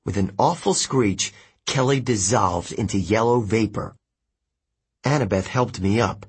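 A man narrating an audiobook in the first person, telling the story in a steady, even way. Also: on the low side, unhurried, breathy edge.

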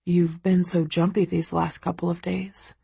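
A gentle, protective young husband murmurs softly and slowly in an audiobook, as a woman reads him. His hushed, breathy voice sits in a dry, close room. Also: high voice, little pitch movement, dry recording, heavily acted. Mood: soothing.

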